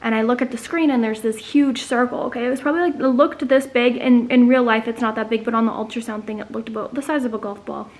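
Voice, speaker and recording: A woman's voice: on the high side, steady tone. Chatty young woman vlogger. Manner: chatty, fast, many fillers like "um" and "like". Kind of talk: casual storytelling to camera.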